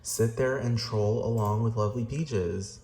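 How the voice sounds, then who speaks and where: A man rants through reaction commentary, profane and exasperated, in a low, mellow voice. His talk rings in a roomy echo with a faint background hiss. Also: measured pace. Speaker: vlogger.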